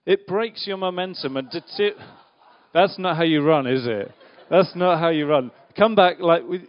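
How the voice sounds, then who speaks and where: A man's voice: a little high, moderate pace. A man giving an interactive church talk, playfully questioning the audience and directing a volunteer. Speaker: preacher giving a children's talk. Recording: dull lo-fi sound.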